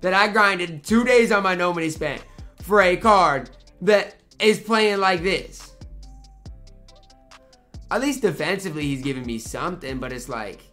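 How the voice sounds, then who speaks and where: A young man narrates his own video game match, his voice bright and forceful, a little high for a man. He rants in frustration and mutters pep talks to himself between plays. Faint music sits underneath. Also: measured pace. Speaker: gaming YouTuber. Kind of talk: live gameplay commentary.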